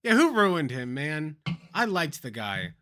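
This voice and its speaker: A man's voice: on the high side, big pitch swings, a little slow, fairly bright tone. A man streaming live reactions to clips, exasperated and theatrical, swearing through long rants.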